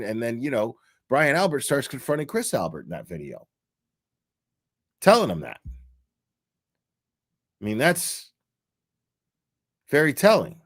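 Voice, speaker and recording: A man gives heated, profane commentary on a live stream. His voice sits in an ordinary middle pitch. He talks loosely and animatedly, slipping into the voices of people he is describing. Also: very animated, takes it slowly, pauses often. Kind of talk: casual ranting commentary.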